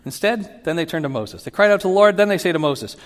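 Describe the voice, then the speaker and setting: A man giving a sermon as a pastor, teaching in an animated way and acting out Bible quotes with rising emphasis. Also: sits high, quick pace. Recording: long hall reverb.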